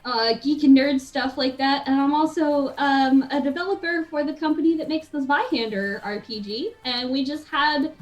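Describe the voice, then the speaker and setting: High-pitched giggly woman guest. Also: normal speed, hardly any pauses, dull audio, faint music behind. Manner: giggly, rambling, excitable. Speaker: guest, game developer and streamer. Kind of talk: casual chat.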